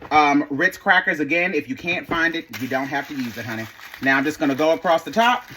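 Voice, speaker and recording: A man's voice: a little high, a bit bright, slight background noise. A man hosting a home cooking video, walking viewers through a recipe in a chatty, sassy way, calling them y'all and honey. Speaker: cooking channel host. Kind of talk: casual cooking tutorial.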